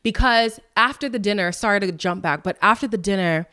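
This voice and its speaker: A woman hosts a podcast, recapping things casually in a candid, sassy tone and tossing frank asides to her listeners. She sounds lively, her pitch jumping quickly.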